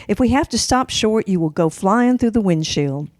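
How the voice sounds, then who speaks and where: A calm, firm mother, read by a woman. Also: medium pitch, moderate pace, no room sound, voice pushed up, close to an everyday voice. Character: patient young mother of many children.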